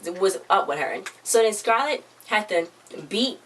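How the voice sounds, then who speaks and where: A woman's voice: medium pitch, lively intonation, a little slow, a bit bright, far from the mic, poor audio. A woman giving a casual, rambling recap of a TV episode, retelling scenes with lots of "she was like.". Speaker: TV show reviewer. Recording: voice a bit off-mic with faint background noise.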